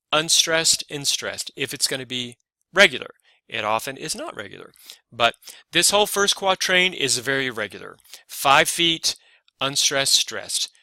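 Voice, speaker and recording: Male acting teacher, casual explainer, very bright tone, dry close sound. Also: mid-range voice, dry recording. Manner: casual, thinking aloud with fillers and restarts. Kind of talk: explainer video lesson.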